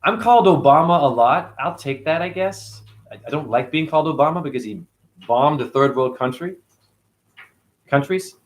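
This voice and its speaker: A middle-aged man hosting a spiritual livestream, ranting in a profane, preachy way and answering his chat. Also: mid-range voice.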